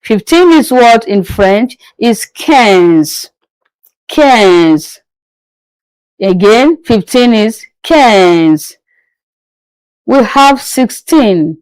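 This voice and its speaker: Speaking extremely slowly, with lively intonation, a French teacher repeats every word several times in a drilling pronunciation lesson, asking and then answering her own questions and gently coaxing students to listen closely. Her slightly high, somewhat mellow voice comes through dry, poor audio.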